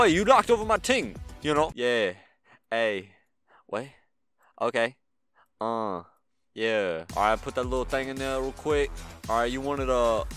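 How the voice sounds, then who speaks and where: A young man with a mid-range voice provides casual gameplay commentary as a gaming YouTuber. He's excitable and full of slang, breaking into sudden loud outbursts.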